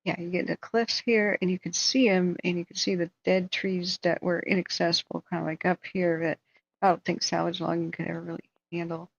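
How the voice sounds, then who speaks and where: A woman's voice: lowish voice, flat delivery, fairly quick, gravelly. A woman hosting a live stream, chatting casually and thinking aloud as she tells a story. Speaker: livestream host. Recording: dull, dry lo-fi sound.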